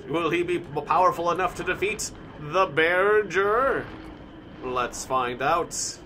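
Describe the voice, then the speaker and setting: A male streamer with a slightly high voice narrates his survival game as he plays it. He thinks out loud and bursts into shouts when things go wrong. A steady noise sits clearly behind his voice. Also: measured pace. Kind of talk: live-stream gameplay commentary.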